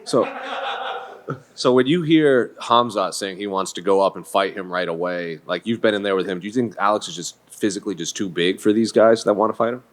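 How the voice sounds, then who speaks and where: A man's voice: lowish voice, a little fast. A man working as a reporter, building up a long, conversational question for a fighter at a press interview.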